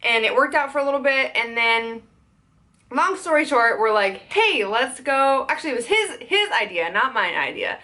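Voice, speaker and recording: Young woman, fairly high voice, fast worked-up venting, lots of swearing. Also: animated, bright, forceful tone. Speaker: content creator. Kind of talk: venting storytime vlog.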